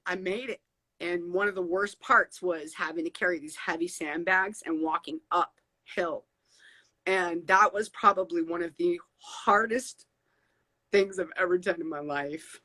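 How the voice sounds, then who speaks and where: A woman's voice: fairly low pitch, no room sound, rough recording. A woman guest telling a personal testimony on a video call, emotional and repeating phrases as she goes. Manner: tearful, repeats phrases when moved. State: crying.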